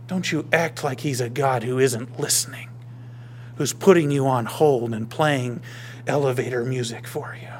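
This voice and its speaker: A male pastor preaching a sermon, emphatic, swinging between raised declarations and hushed whispers. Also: medium pitch, measured pace, slight background noise.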